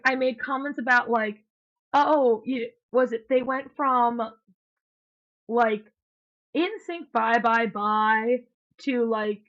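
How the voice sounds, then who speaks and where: Woman, podcast co-host, animated dating story, casual chat, muffled lo-fi recording. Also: a little high. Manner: animated storyteller, acts out quotes, swears. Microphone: podcast mic, remote call. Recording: muffled lo-fi sound.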